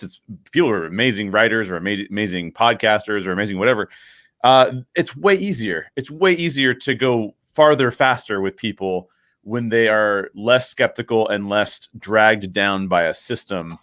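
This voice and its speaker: Lively laughing man telling stories. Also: lowish voice, dry recording, clean studio sound. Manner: animated storytelling with laughs, quick bursts and trailing off. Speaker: podcast co-host. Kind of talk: casual chat.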